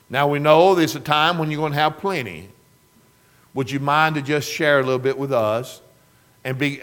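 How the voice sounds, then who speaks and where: Preacher guy with a pretty high voice, earnest and plain-talking, asks the crowd stuff straight out. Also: fairly bright tone. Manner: earnest, plainspoken, asks the listeners direct questions. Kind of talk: sermon.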